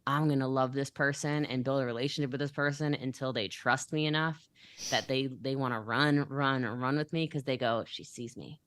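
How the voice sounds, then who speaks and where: A woman's voice: extremely low pitch, steady tone, brisk, clear, resonant tone, no room sound. A young adult woman talking as a business coach in a motivational podcast interview, emphatic and acting out the conversations she quotes.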